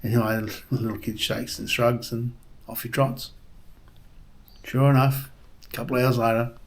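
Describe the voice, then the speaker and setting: A man's voice: medium pitch, flat delivery, normal speed, slight background noise. A man hosting a travel vlog, chatting casually and rambling with lots of ums and uhs, then telling a joke. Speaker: vlog host.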